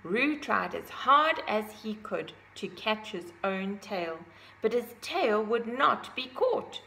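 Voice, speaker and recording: Slow gravelly bright-voiced woman reading aloud. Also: on the high side, low-quality recording. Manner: gentle, adds asides about the pictures. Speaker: storybook reader. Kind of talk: reading a picture book aloud to children.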